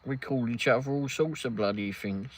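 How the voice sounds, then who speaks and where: A man's voice: mid-range voice, normal speed, rough recording. Chatty English man, live stream. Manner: rambling, reads chat aloud, laughs often. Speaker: livestream host. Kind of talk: casual live-stream chat.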